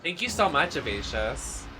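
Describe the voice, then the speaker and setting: A game streamer giving campy, sassy, playful live commentary with loud gasps and squeals. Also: mid-range voice. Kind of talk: live let's-play commentary.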